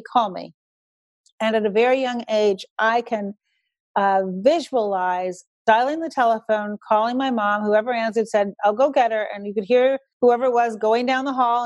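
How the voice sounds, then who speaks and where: An older woman, a guest in an interview, speaking in a measured, storytelling way. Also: on the high side, a little mellow, no echo, highs cut off. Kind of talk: conversational interview.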